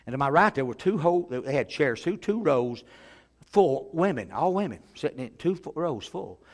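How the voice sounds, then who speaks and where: Middle aged preacher guy, kinda high voice, animated funny storytelling, chuckles and throat clearing. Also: moderate pace. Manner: animated, laughs at his own stories, clears his throat often. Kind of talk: humorous sermon storytelling.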